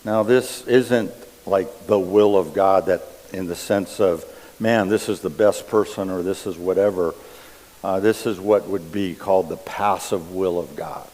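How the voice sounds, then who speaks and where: A man delivers a sermon at an unhurried, measured pace, and his fairly low voice carries a long reverb from the church sanctuary. He reads scripture and works through it with careful, deliberate explanation. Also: a little mellow. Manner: slow, deliberate preaching with scripture readings. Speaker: pastor.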